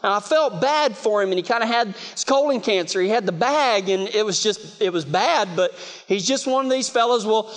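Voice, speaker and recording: High-voiced West Texas preacher. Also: male voice, lively intonation, normal speed. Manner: chatty, self-mocking, lots of "you know". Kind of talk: storytelling sermon. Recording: long reverb of a big hall.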